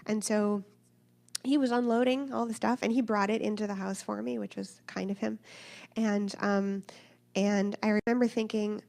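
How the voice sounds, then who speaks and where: A woman's voice: mid-range voice, normal speed, creaky. A woman in her thirties telling a personal story in a church talk, acting out the voices of the people in it. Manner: animated, acts out voices of others in her story. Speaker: speaker sharing a personal story.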